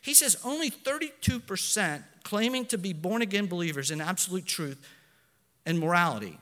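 A man's voice: high voice, sing-song, moderate pace. Earnest preacher man in a reverberant church. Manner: earnest, swings between soft asides and loud emphatic lines; self-correcting, with fillers. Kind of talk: sermon.

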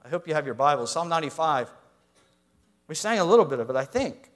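A man preaching a sermon to a congregation, swinging between quiet asides and loud, emphatic lines. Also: on the high side, animated, fast. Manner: reads scripture aloud, addresses congregation directly. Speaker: pastor.

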